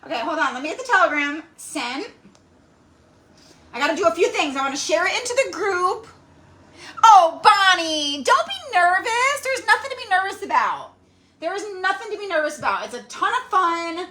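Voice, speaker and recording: A middle-aged woman hosting a casual craft livestream, bubbly and excitable, greeting viewers by name with frequent squeals and laughs. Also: very high voice, moderate pace. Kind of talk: casual live-stream chat greeting viewers.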